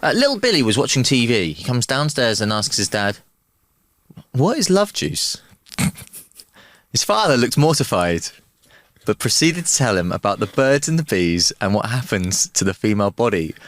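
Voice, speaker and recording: A man's voice: fairly low pitch, very animated, normal speed, fairly bright tone. A man, a podcast guest, telling jokes playfully and doing little voices for the characters. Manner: playful storyteller who does voices in jokes. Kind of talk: casual joke-telling chat.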